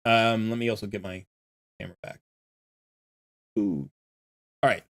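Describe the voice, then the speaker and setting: A lowish, slightly bright male voice talks unhurriedly during a game stream where he coaches viewers. He's blunt and emphatic, repeats himself often, and sounds somewhat irritated while sorting through gear in this casual commentary.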